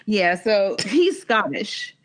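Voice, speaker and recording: A woman co-hosting a casual TV recap podcast, blunt and salty, with lively asides. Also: medium pitch, slow pace. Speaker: podcast co-host.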